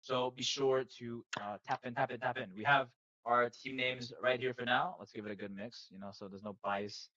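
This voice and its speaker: A man's voice: medium pitch, fairly even intonation, normal speed, pushed and bright. A young man hosting a live esports stream in a casual, joking, loose way. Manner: laid-back, joking, loose. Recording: muffled stream mic.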